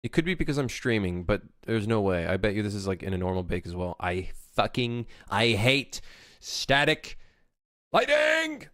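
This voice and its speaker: A man's voice: on the low side, expressive, normal speed, fairly bright tone, dry recording, studio quality. A young man streaming while working on his game, chatting casually with viewers, swearing and venting in frustration. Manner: profane, exasperated, talks to chat. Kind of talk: casual livestream chat.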